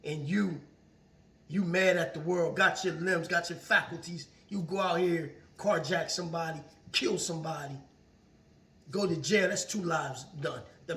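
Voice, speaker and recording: A man talks earnestly to his viewers in a casual motivational monologue, circling back to the same phrases. His voice sits on the high side and has a bright edge. The sound is roomy and distant, as if the mic is across the room. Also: moderate pace, creaky, slight background noise. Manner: earnest and preachy, repeats phrases. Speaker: vlogger. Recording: roomy echo, far from the mic.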